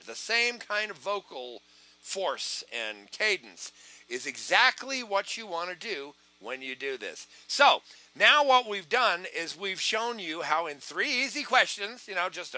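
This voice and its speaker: A high, lively man's voice with a very bright, forceful edge, recorded close and dry. He teaches in an animated way, acting out phone calls between himself and prospects. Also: no echo. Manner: animated, acts out both sides of phone calls. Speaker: sales trainer. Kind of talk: online training talk with acted phone calls.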